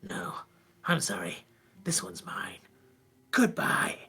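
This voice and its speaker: A man voicing an ancient, cruel tentacled sea monster in a hoarse, breathy whisper, slow and taunting. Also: pushed and bright. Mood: menacing whisper.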